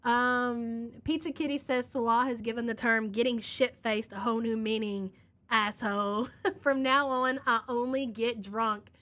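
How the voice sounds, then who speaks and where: A woman's voice: a little high, fairly even intonation, a little slow, bright, forceful tone. A woman hosting a live reaction podcast, reading chat messages and making sarcastic remarks. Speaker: commentary podcast host.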